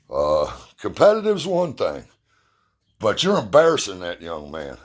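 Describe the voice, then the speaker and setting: A man's voice: fairly low pitch, huge pitch swings, measured pace, slightly rough. A middle-aged man casually telling a personal story in a blunt, plainspoken way, cursing freely. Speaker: youth baseball parent and assistant coach.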